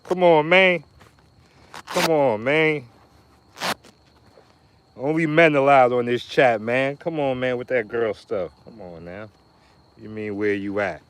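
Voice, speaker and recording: A man, live-streaming a martial arts workout and chatting casually with viewers, trash-talking and joking with loud bursts and laughter. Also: mid-range voice, slow, long pauses, a little hiss or hum. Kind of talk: casual live-stream banter while training.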